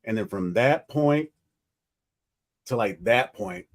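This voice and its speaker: A man's voice: fairly low pitch, lively intonation, slow pace. A loose, profane man hosting a podcast. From United States. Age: 40s. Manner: profane, rambling, laughs often. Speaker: podcast host. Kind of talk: casual chat.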